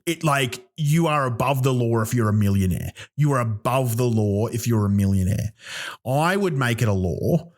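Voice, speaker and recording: Aussie guy ranting on his comedy podcast, sweary, rambly, lots of ums, average pitch. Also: expressive, moderate pace. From Australia. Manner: profane, rambling, with many ums and restarts. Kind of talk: solo comedic rant.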